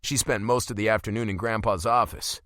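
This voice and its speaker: A male audiobook narrator voicing an easygoing young man with a relaxed, casual manner. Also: on the low side, brisk, dry recording, clean studio sound, lightly acted.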